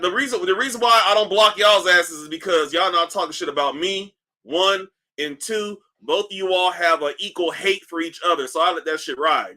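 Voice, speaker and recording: A man hosting a casual livestream, reading comments aloud in a loose, profane, animated way while in back pain. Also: a little high. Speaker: livestream host. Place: indoors at home, seated.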